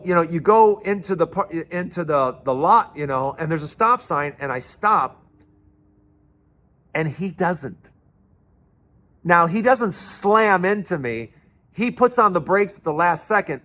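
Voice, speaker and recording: Guy hosting his own show, rambling through a story, bright punchy voice. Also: sits high, unhurried. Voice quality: chatty, animated storyteller. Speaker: commentator and show host. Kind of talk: casual storytelling monologue.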